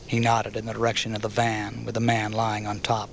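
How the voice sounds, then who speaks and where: A man narrating an audiobook novel in a measured, even storytelling manner. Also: lowish voice, vocal fry, a little hiss or hum.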